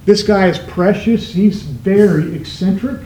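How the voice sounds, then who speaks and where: A man preaching a sermon as pastor, stressing words with emphatic shifts in pitch. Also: measured pace, warm tone, echoey room, slight background noise, low-quality recording.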